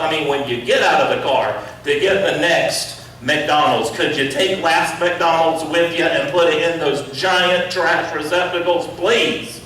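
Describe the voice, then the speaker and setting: A middle-aged man preaching in a school chapel, acting out quoted voices and swinging from loud to hushed. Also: fairly high pitch, steady tone, normal speed, hardly any pauses, slight background noise. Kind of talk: sermon. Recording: echoey hall voice from far off.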